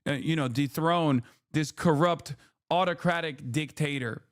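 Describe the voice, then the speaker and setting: A man putting on a high, whiny voice for a flustered liberal who keeps making excuses. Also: a little slow, lightly acted. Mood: whiny protest. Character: flustered pedantic liberal, eager to justify.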